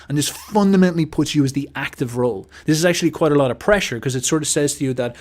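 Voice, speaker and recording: A man hosting a casual philosophical monologue, emphatic and animated, swearing casually and mimicking other people's voices. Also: fairly high pitch, fast. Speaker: host.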